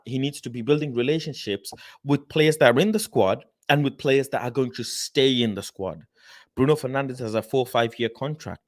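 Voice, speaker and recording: Guy doing a fan reaction stream, rants, says the same bit over and over, gets loud. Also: mid-range voice. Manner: rants and repeats phrases loudly. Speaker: fan channel host reacting to an interview. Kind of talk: animated casual commentary.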